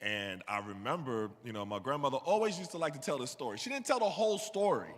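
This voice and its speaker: A man's voice: medium pitch, lively intonation, quick pace. A man telling a personal story as a conversational sermon, often checking in with "you know what I mean.". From New York. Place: church sanctuary. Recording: long hall reverb.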